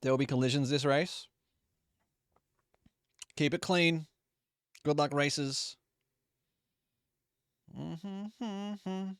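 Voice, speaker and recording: A man's voice: fairly high pitch, fairly even intonation, slow pace, pauses often, no room sound, studio quality. A young man streaming a racing game live, chatting casually, swearing freely and apologizing to viewers for audio trouble. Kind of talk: casual live gameplay commentary.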